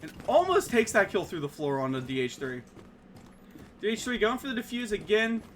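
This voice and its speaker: A man casting a live esports match with rapid play-by-play and bursts of excitement on big plays. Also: high voice, a little hiss or hum. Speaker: esports caster.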